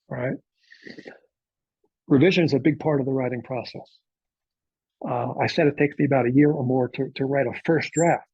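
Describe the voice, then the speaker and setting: Husky-voiced man giving a casual writing talk. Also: medium pitch, no echo, highs cut off. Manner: conversational, frequent filler uhs, checks in with "okay?". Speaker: novelist giving a talk to a writers' group. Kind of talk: informal workshop lecture.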